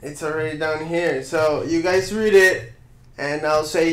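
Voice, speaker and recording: A man's voice: fairly high pitch, fairly even intonation, measured pace, fairly bright tone. A man co-hosting a vlog outro, playful and teasing. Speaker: vlog co-host. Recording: echoey room.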